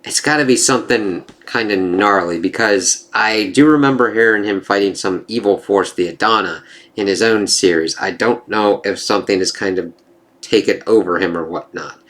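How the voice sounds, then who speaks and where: A man casually reviewing a comic book issue, rambling and excitable, often reacting with "it's like" asides. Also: fairly low pitch, normal speed.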